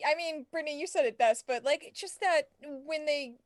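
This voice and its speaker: A woman's voice: sits high, normal speed, no echo, studio quality. A woman co-hosting a podcast, talking casually with many fillers and some swearing. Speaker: podcast co-host. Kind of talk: casual chat.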